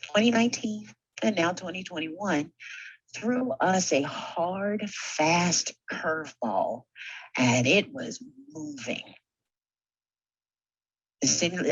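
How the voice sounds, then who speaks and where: Woman speaker, slow and low, conversational conference keynote, rallying her peers. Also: husky, no room sound, poor audio. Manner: conversational and rousing, with rhetorical questions. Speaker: simulation technologist and conference speaker. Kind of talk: motivational conference talk.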